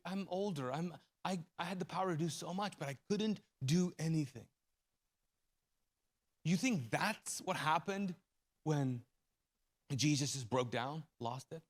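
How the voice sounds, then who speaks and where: Male pastor, 40s, live sermon, slightly high pitch, emotional storyteller. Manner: emotional storytelling, voice rising and falling. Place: church auditorium.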